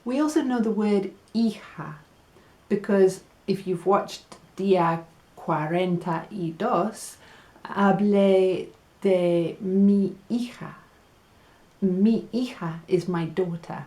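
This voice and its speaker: A woman teaching a casual beginner Spanish lesson, chatty and laughing at her own jokes, slowing down on the Spanish words. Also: mid-range voice, warm tone.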